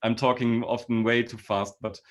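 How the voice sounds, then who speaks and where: A man's voice: mid-range voice, flat delivery, normal speed. A man with a German accent, a guest lecturer giving chatty, self-deprecating answers over a video call. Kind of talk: casual Q&A answers.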